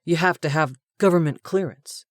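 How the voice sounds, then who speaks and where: A woman's voice: sits low, moderate pace, dry recording, studio quality, close to an everyday voice. Woman reading as a cocky young male show-off. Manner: brash, boastful.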